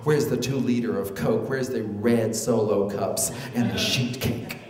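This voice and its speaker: A man performing a comic personal story on stage, animated and prone to high excited exclamations. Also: unhurried. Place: storytelling show venue. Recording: echoey hall, live stage.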